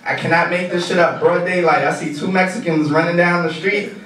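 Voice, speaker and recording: A man's voice: high-pitched, fairly quick, slight background noise. A young man doing a loose, profane stand-up set on a comedy club stage. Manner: loose, profane, animated storytelling. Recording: echoey club heard from a distance. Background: laughing crowd.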